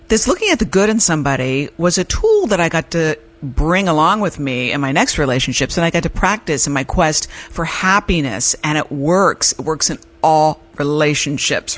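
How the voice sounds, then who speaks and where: Lively middle-aged woman podcast host. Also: low voice. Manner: chatty, candid personal storytelling. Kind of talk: casual advice monologue.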